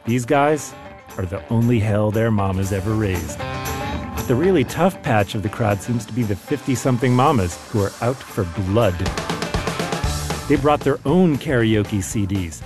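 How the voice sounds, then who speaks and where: A man's voice: fairly low pitch, expressive, normal speed, over music. A man reading aloud from his own memoir in a wry, self-deprecating storytelling manner.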